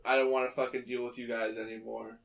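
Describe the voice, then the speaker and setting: A man co-hosting a casual podcast chat, often trailing off quietly before laughing. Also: mid-range voice, little pitch movement, quick pace, gravelly. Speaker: podcast co-host. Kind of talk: casual chat among friends.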